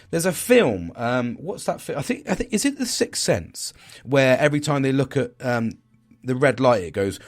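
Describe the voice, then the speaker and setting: English bloke podcasting, mid-pitched voice, swears a lot and keeps losing his thread. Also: sing-song, brisk, creaky. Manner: rambling, digressive, sweary, loses his thread. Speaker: podcast host. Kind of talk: casual monologue.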